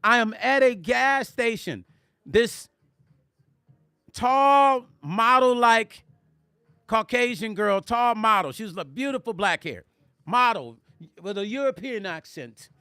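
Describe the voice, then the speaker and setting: A middle-aged man and musician who hosts a livestream, telling stories in an animated way, speaking straight to his viewers and reading their comments aloud. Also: very high voice, takes it slowly, clear, resonant tone, dry recording, studio quality. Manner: animated, addresses viewers directly, reads chat aloud. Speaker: musician and vlog host. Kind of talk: casual storytelling livestream.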